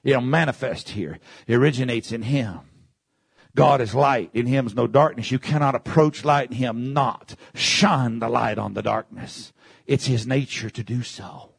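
A man preaching a sermon, swinging from shouted peaks down to low, quiet passages and repeating phrases for emphasis. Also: normal speed, creaky, slightly rough, dry recording.

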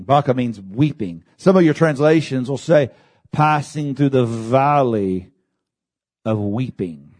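A male pastor delivering a sermon, calling out to the congregation and rising to shouts at the peaks. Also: big pitch swings, unhurried. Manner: preaching with big swings in pitch, shouting at peaks; addresses congregation with calls of amen.

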